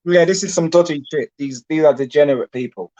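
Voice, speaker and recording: Man, high voice, podcast co-host, blunt, repetitive, casual chat. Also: brisk, warm tone, highs cut off. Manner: blunt, repeats himself, lots of "you know what I mean".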